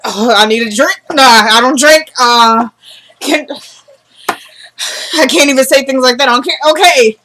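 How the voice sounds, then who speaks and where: A young woman vlogger recapping a TV episode in an excited, breathless way, talking to her viewers as y'all and acting out what the characters say. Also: high voice, measured pace, long pauses, a little hiss or hum. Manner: animated, breathless, addresses viewers as y'all, acts out character dialogue.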